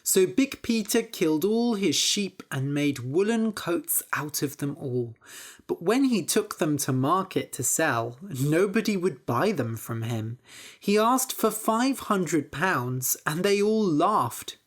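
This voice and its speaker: A woman narrating a simple story for English learners, clear and deliberate. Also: on the low side, lively intonation. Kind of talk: slow scripted story narration.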